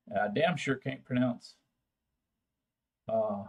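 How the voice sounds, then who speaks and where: A man's voice: medium pitch, takes it slowly, breathy edge. An older man with a Texan accent, hosting a casual, folksy chat with viewers in a drawling, salty way. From Texas. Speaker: livestream host.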